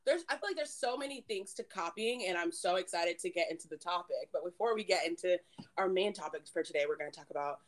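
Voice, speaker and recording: A woman's voice: lowish voice, fast. Giggly chatty woman in her late twenties. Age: 20s. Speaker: podcast co-host. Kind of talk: casual chat.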